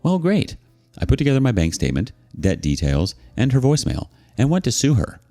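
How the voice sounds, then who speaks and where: A man narrating a reader's story as scripted narration, expressive and sarcastic in his asides. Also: mid-range voice, fast, faint music behind.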